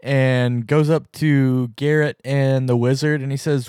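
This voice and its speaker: A man playing a tabletop game, laid-back and deadpan. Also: mid-range voice, a little slow, clean tone, no echo, studio quality. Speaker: player.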